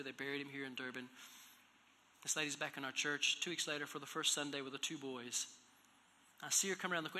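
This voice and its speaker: A man preaching in a church, telling a personal story, moving from hushed, low passages to loud, raised exhortation. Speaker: pastor. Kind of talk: storytelling sermon. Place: church hall. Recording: echoey hall reverb.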